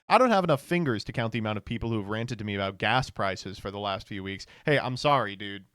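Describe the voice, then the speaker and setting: Sarcastic man with a smooth voice. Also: fairly low pitch, animated, fast, fairly bright tone, no echo, studio quality. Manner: sarcastic, profane, stammering restarts. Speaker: streamer and political commentator. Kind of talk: casual live-stream commentary.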